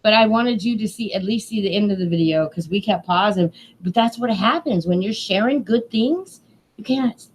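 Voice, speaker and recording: A woman's voice: mid-range voice, moderate pace, slight background noise, low-quality recording. A woman hosting a casual livestream from home, chatting loosely with playful asides and laughter. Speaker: livestream host. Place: indoors at home near a window.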